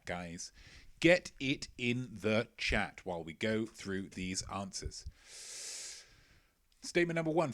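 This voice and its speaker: Guy hosting a quiz stream, chatty and jokey, says stuff twice, mid-pitched voice. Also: fairly bright tone. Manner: chatty, repeats his own phrases, playful. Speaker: quiz host. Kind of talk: casual livestream quiz hosting.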